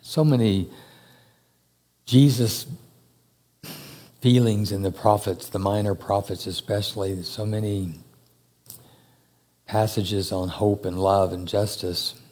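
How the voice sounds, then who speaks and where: A man preaching a sermon to a church congregation, speaking slowly and emphatically with long pauses. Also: on the low side, fairly even intonation, dark tone. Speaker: pastor. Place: church hall. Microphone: handheld or stand mic.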